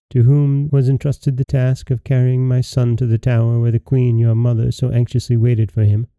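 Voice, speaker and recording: A gracious, motherly fairy queen from a storybook, read by a man speaks in a soft, stately way. The voice is gravelly and very dark. The recording is dry and a little dull. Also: medium pitch, no room sound, natural voice.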